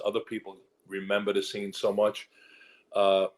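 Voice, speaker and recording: A man with a lowish voice tells stories from his acting career in a candid interview. He rambles through restarts and asides, then jumps into quoted voices with lively energy. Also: moderate pace. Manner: animated storyteller who slips into quoted voices. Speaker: actor and guest.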